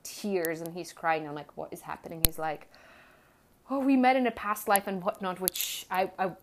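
A woman who works as a coach and entrepreneur tells a rambling personal story with candor, acting out what she and others said. Her voice sits in the mid-range, and there is noise in the background.

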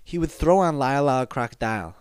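A man's voice: mid-range voice, expressive, fast talker, clean tone, no echo. Profane rambling young man riffing. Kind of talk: casual comedic rant.

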